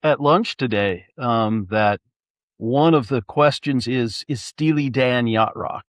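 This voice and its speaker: A man's voice: medium pitch, takes it slowly, no echo, studio quality. A man in casual chat, rambling and hesitant as he works through his thoughts. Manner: rambling, hesitant, many fillers and restarts.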